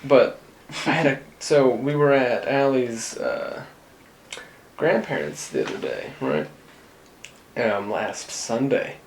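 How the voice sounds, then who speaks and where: A man's voice: medium pitch, expressive, slow pace, pauses often, slight background noise. A man hosting a casual chat with friends, telling a long story with many fillers and restarts. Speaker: podcast host. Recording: roomy echo.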